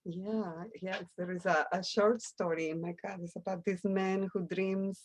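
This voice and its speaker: A woman's voice: lowish voice, fairly even intonation, unhurried, a little hiss or hum. A woman hosting an author interview who asks curious, admiring questions. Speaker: festival interviewer.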